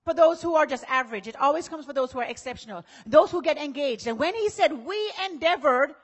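Woman pastor preaching, high voice, chatty, acts out folks talking, builds up loud. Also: animated, a little fast. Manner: preaching, acts out what people say in conversational voices, rises to shouting. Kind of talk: sermon.

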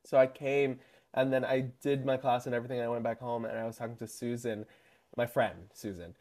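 A man's voice: mid-range voice, fairly even intonation, brisk, a little mellow. A young man co-hosting a podcast in casual chat, chatty and often laughing as he talks. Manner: chatty and giggly, often laughing mid-sentence. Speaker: podcast co-host.

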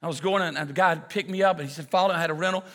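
A male pastor preaching a sermon full of comic stories, with excitable shouting bursts and quick asides. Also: a little high. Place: church auditorium. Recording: preaching in a large echoing hall with audience.

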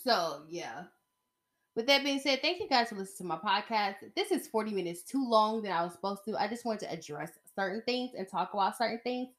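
A young woman hosting her own podcast, chatting casually and animatedly, getting excited as she tells stories. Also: mid-range voice, a little fast. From Atlanta area. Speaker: podcast host. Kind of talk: casual solo podcast chat.

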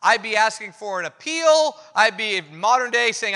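A man preaching a conversational sermon, candid and self-deprecating, telling it in an animated way. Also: high voice, moderate pace, vocal fry, few pauses. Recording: long reverb of a hall.

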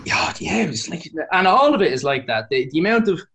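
A man who is a guest on a podcast, telling a long story in a rambling way. He is animated, corrects himself often and says "like" a lot. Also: fairly high pitch, fast, gravelly. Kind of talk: casual storytelling.

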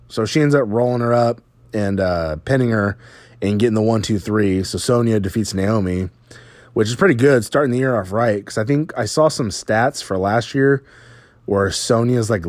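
A man's voice: lowish voice, no room sound. A man casually recapping a wrestling show, rambling and swearing, with lots of fillers.

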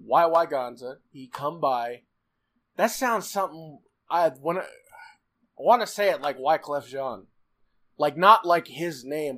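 A man's voice: mid-range voice, sharp tone. A man co-hosting a casual podcast, swearing freely, laughing often and acting out characters' lines as he recaps a show.

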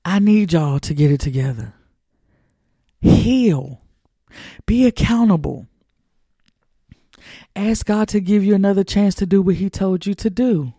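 A man with a notably high, mellow voice preaches to his listeners in a dry, close-miked sound. He talks in a colloquial, emphatic way, repeating phrases for effect. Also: no echo. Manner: emphatic, colloquial, repetitive street-preacher cadence. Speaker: podcast host. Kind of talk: preaching monologue.

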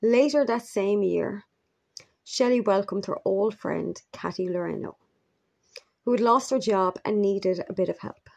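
Gravelly, husky woman narrating true crime. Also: medium pitch, darkish tone, muffled recording. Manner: measured, grave storytelling with brief asides.

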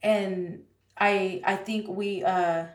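Woman guest, animated storyteller, sits back from the mic in a roomy space. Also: medium pitch, extremely slow, distant mic. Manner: animated, heavy use of "like". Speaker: guest artist. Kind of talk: casual storytelling in conversation.

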